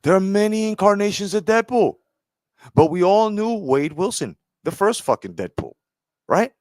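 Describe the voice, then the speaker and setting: Man, heated profane rant, keeps asking right, very lively pitch, dry close sound. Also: normal speed, no echo. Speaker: commentary streamer. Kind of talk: ranting commentary.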